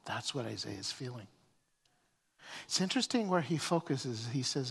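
A man preaching a sermon as pastor, often repeating words as he starts phrases and swinging between loud emphasis and quiet. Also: medium pitch, lively intonation, moderate pace, gravelly, long pauses, slightly rough. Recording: long reverb of a hall.

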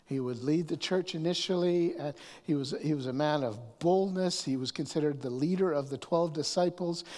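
A man preaching a sermon, often restarting his words and swinging from hushed asides to raised emphasis. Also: fairly high pitch, normal speed. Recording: long hall reverb.

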